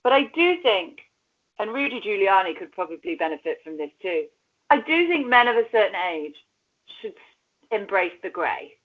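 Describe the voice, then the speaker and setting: A woman's voice: mid-range voice, very animated, normal speed. A woman co-hosting a podcast, chatting casually about reality TV, laughing often and cursing now and then. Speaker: podcast co-host. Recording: dull lo-fi sound.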